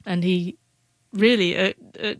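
A woman in her forties tells a personal story with a noticeable stutter, catching on first sounds and pausing on fillers. Her voice sits at a middle pitch and is recorded close and dry, with no room sound around it. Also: steady tone, dry recording. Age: 40s. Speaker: guest, biographer.

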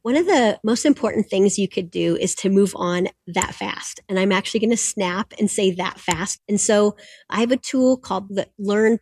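A woman's voice: medium pitch, darkish tone, husky, no room sound, studio quality. A woman guest who works as a performance coach, explaining her techniques in an encouraging, instructive way.

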